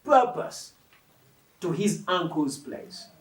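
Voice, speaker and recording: Speaking a little slowly in a high-sitting voice, a man preaches animatedly, quizzing the congregation and driving his points home with emphasis. The mic is distant, in an echoey hall.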